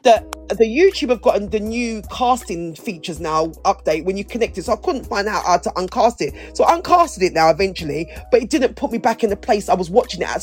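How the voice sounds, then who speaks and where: A woman co-hosting a podcast, chatting casually and rambling, with lots of restarts. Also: fairly high pitch. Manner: rambling, restarts sentences, playful. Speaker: podcast co-host. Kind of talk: casual chat.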